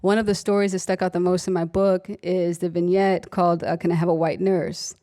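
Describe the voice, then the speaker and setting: Animated woman telling nurse stories. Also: fairly low pitch, brisk. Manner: animated storytelling, voices her patients, laughs often. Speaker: author and emergency room nurse. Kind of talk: conversational book talk.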